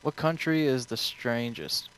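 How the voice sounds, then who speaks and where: A man's voice: medium pitch, a little slow, fairly bright tone, clear, resonant tone, rough recording. A young man streaming, answering viewer questions in a rambling, offhand way full of swearing. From United States.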